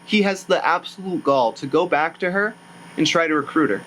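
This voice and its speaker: A man's voice: a little high, a little fast, fairly bright tone, a little hiss or hum, low-quality recording. A young man rambling sarcastically through a movie recap in casual commentary, often correcting himself. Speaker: YouTuber reviewing a movie.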